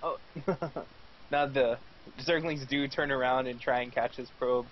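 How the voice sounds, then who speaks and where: A man's voice: medium pitch, steady tone, a little slow. A man giving live play-by-play esports commentary, chatty and full of jokes. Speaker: esports caster. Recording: dull lo-fi stream audio with faint background noise.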